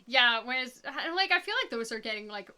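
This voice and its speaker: A woman's voice: a little high, lively intonation, fairly quick, pushed and bright, a little hiss or hum. A young woman chatting casually while streaming a game, talking in a rambling way full of fillers. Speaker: speedrunner streaming. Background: game music.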